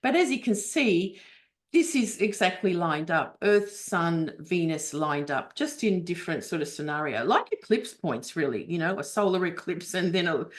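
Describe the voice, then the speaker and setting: A woman's voice: fairly low pitch, animated, normal speed. A woman teaching astrology in a webinar, explaining a chart step by step with frequent fillers and restarts over a video call.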